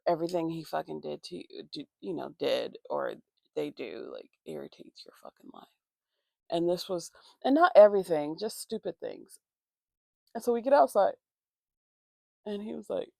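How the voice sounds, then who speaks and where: Heavily gravelly woman venting a story. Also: on the low side, expressive, moderate pace, darkish tone, no echo. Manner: profane, heated venting with constant fillers. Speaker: vlogger. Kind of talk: casual storytime. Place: indoors at home getting ready.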